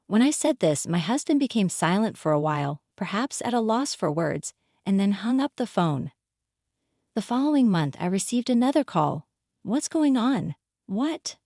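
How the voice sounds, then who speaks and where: A woman reads a first-person revenge story in an even, matter-of-fact way. Her voice sits at a middle pitch for a woman. The recording is dry and close, with no room echo. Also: normal speed. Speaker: narrator.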